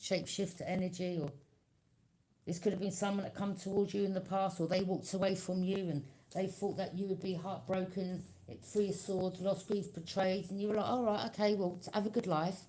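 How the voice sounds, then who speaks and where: A woman of middle pitch reads tarot cards for her viewers in a loose, talkative way. She keeps checking in with her listeners and slips into quoted reactions without changing her voice. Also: fairly even intonation, fairly quick, mellow. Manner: conversational, keeps checking in with "okay?". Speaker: tarot reader.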